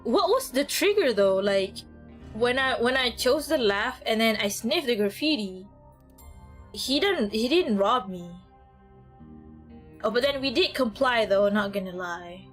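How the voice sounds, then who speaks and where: A woman's voice: fairly high pitch, expressive, measured pace, soft background music. A young woman streaming a game, with giggly, rambling commentary and frequent laughter. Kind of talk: casual gameplay commentary.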